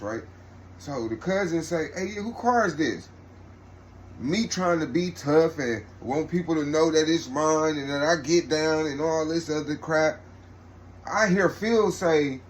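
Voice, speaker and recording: Casting: young man, slightly high voice, slangy rambling storyteller, faint ambient hiss. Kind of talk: casual storytime.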